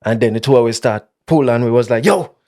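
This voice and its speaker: A man's voice: mid-range voice, fairly even intonation, quick pace, mellow. Give me a chatty young man telling stories. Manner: chatty storyteller, many fillers and laughs. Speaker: podcast host. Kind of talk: casual chat.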